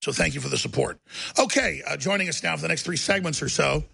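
A man's voice: a little high, fast, vocal fry, sharp tone, husky. A man hosting a talk radio show, delivering an emphatic, rambling monologue full of restarts.

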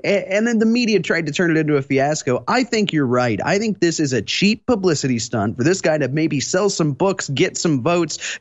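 Male panelist, slightly high voice, emphatic and sure, dull recording. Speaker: panel guest. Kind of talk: political commentary.

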